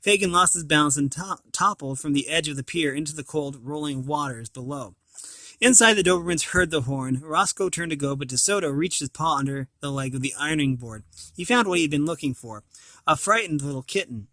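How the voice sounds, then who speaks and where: Bright-voiced man reading a storybook. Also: fairly high pitch, a little fast, dry recording. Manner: animated reading, occasional slips and restarts. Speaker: storybook reader. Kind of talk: reading a children's book aloud.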